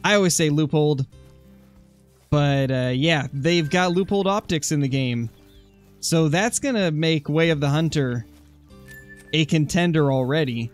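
Chatty streamer man with music behind. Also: fairly high pitch. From Oregon, USA. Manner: chatty, answers chat comments while hunting. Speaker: gaming streamer. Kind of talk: casual live-stream commentary.

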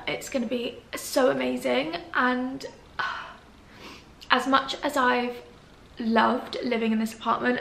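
A young woman vlogs at home, teary and gushing as she talks to the camera. Her fairly high voice has a gravelly edge. The room echoes around her, with a faint hum behind. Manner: gushing, breathy and soft-spoken. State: teary, emotional. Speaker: lifestyle vlogger. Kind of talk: tearful reflective vlog chat. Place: empty flat at home, indoors.

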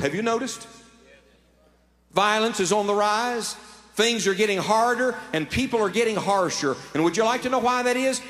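High-voiced preacher in a reverberant hall. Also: male voice. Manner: impassioned, swinging from hushed storytelling to loud appeals. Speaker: evangelist. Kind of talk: sermon. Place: large meeting hall with an audience.

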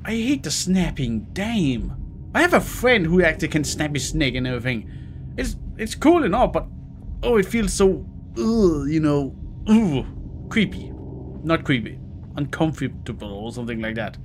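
A man's voice: on the high side, sing-song, normal speed. A man with a Scandinavian accent, a gaming host muttering, groaning and swearing through a horror let's play. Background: game music.

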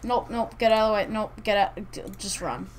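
In poor audio, a woman with a mid-range voice talks at a moderate pace while hosting a let's-play of her strategy game. Her casual commentary rambles, hesitates and keeps doubling back to correct itself.

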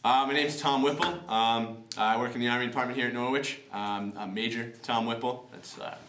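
A man's voice: mid-range voice, fairly even intonation, echoey room, recorded from a distance, background noise. A man in a comic sketch playing an army instructor, talking eagerly and mocking himself. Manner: quick, eager, self-mocking. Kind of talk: comedic role-play.

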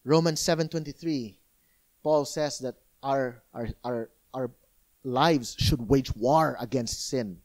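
A male pastor preaching a sermon in an animated, conversational way, often asking rhetorical questions. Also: mid-range voice, slow pace. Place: church.

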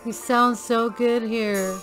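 A woman's voice: fairly high pitch, fairly even intonation, takes it slowly, music in the background. A woman hosting a reaction video, gushing and thinking aloud with many restarts and fillers. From Filipino American. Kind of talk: casual reaction commentary.

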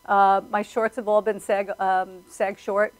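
A woman talks about her work as a filmmaker in a casual interview. She is animated and tells stories, slipping into the voices of the people she quotes. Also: mid-range voice, measured pace, poor audio. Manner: animated storyteller, acts out quotes. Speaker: filmmaker guest.

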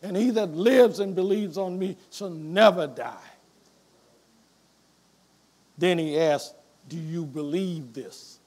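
A man preaching a sermon as pastor, reading scripture aloud and swinging between quiet reflection and loud emphasis. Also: fairly high pitch.

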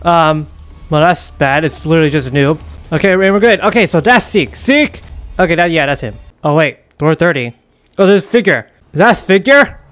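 Excitable high-pitched man gaming commentary. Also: normal speed. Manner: excitable, yelps and exclaims at scares. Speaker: gaming YouTuber. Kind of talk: let's play commentary.

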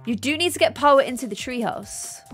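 A young woman streaming a building game, chatting casually and excitedly thanking her viewers. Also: high voice, fairly quick. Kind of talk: casual gameplay livestream chat. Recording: faint music behind.

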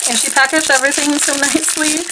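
A woman vlogger chatting casually and gushing excitedly as she unpacks a nail polish haul at home, full of fillers. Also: high-pitched, fast talker, very noisy. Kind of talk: casual unboxing haul chat.

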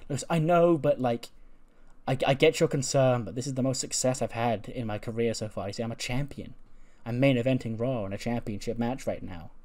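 A man's voice: medium pitch, brisk, warm tone, natural voice. A man voicing an eager young woman wrestler who talks earnestly. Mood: defensive.

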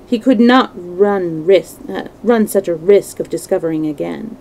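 A woman's voice: fairly low pitch, unhurried, warm tone, slight background noise, low-quality recording. A woman reading a classic novel aloud to a live stream, giving the characters' dialogue a light touch of acting. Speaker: storyteller.

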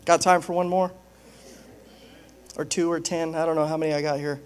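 Male pastor with a high voice, joking and chatty from the pulpit. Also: little pitch movement, a little fast, a little hiss or hum. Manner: joking, conversational storytelling. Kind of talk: sermon.

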